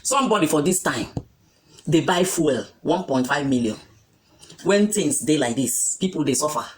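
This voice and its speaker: A woman with a Nigerian accent speaks straight to her followers. Her voice sits a little low but leaps around animatedly, and she drives each point home with repetition and pointed questions. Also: lively intonation, normal speed, a little hiss or hum. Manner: emphatic, repeats points, rhetorical questions. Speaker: vlogger reacting to news. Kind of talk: opinionated commentary in Pidgin and Igbo.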